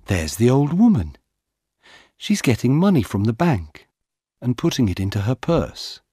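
A keen young policewoman from a learner's storybook, as a male reader puts her on. The voice sits lifted and swings widely, unhurried and a little husky. The sound is close and dry. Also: medium pitch, wildly swooping pitch, dark tone, no room sound, full character voice. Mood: curious. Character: young female police officer, alert and keen.

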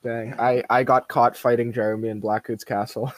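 Low, lively-voiced woman, jokey podcast co-host, dry close sound. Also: moderate pace, no room sound. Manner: giggly, self-deprecating, jokey. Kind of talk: casual chat.

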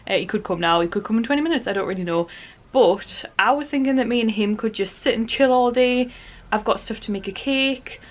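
A woman's voice: on the high side, fairly quick. A young woman chatting casually to camera at home in a bubbly way, with lots of fillers. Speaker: vlogger. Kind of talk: casual vlog chat. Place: at home indoors.

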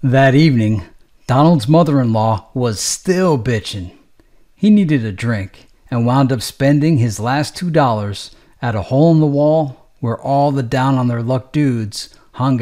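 A man's voice: medium pitch, dark tone. A man narrating a gritty street novel in a streetwise, matter-of-fact, profane way. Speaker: audiobook narrator.

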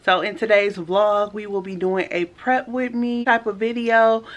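A young woman vlogging casually at home, chatting straight to her viewers in a relaxed way. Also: mid-range voice, a little slow, highs cut off. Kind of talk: casual vlog chat. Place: home, indoors.

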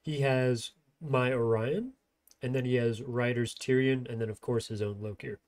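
A man's voice: medium pitch, fairly even intonation, normal speed, darkish tone. A man with a nasal, congested voice giving rambling, self-deprecating live-stream commentary on a strategy game tournament. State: congested sinuses.

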